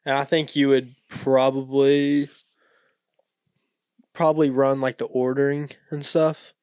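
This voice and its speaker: A young man tells stories in a relaxed, rambling way, full of "like" and "um". His voice is smooth and resonant at a middle pitch. The sound is dry and close to the mic. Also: unhurried, no echo. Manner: relaxed, rambling storyteller with many fillers. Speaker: podcast co-host. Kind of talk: casual chat.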